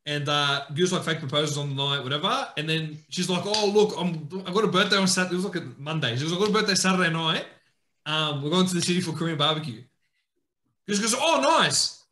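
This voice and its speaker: A man's voice: a little high, fast talker, reverberant. A man telling a story in casual chat on a podcast, acting out his friends' lines. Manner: animated, acts out friends' lines in raised voice. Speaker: podcast co-host.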